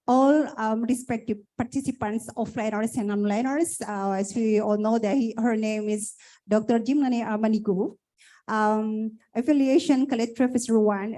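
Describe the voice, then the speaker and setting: A woman's voice: fairly high pitch, dark tone, poor audio. A woman, moderating an academic conference in a polite, formal way with many fillers. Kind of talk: hosting an online academic conference.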